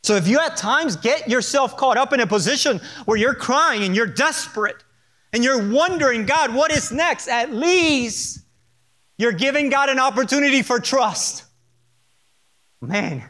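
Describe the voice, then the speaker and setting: High-voiced man preaching a sermon. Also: animated, unhurried, sharp tone. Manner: earnest, emphatic preaching with repetition and asides. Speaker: pastor. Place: church sanctuary.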